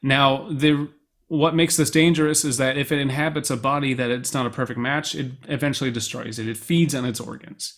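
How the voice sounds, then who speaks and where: A man's voice: mid-range voice, fairly quick. A man from the US, a podcast co-host, recapping a film in casual chat and often acting out quoted lines. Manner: animated storyteller, quotes lines in put-on voices.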